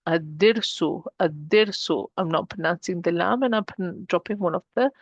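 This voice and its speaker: A woman's voice: fairly low pitch, no echo. Woman teaching Arabic pronunciation, dry sound. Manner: patient, slows down to model pronunciation. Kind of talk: explanatory language lesson.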